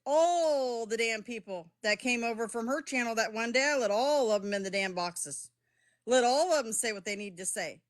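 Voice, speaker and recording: A woman's voice: a little high, normal speed. A middle-aged woman live streaming from her phone, talking straight to her chat in a heated, defensive way and swearing as she goes.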